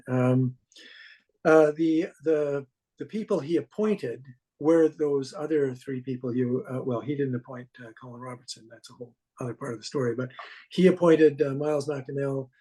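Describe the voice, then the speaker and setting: A Canadian man, an author and documentarian, answering interview questions in a halting way with many restarts and fillers. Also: medium pitch, mellow, husky, rough recording.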